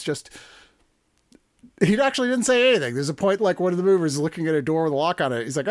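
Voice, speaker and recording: Animated talkative male podcast host. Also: on the high side, fast talker, no room sound, clean studio sound. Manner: animated, rambling, swears freely. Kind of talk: casual movie review chat.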